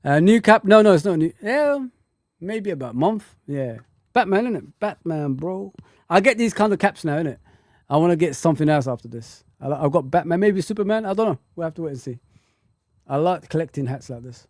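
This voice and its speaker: A man's voice: on the high side, animated, brisk, darkish tone, no echo, clean studio sound. A man hosting a live stream, laid-back and chiming in with short agreeing remarks. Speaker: stream host. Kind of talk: casual live-stream chat.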